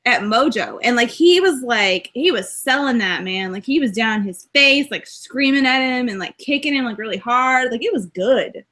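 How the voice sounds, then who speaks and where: A woman co-hosting a casual chat podcast, talking in an excited, rambling way and laughing often. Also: fairly high pitch, normal speed, few pauses. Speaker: podcast co-host.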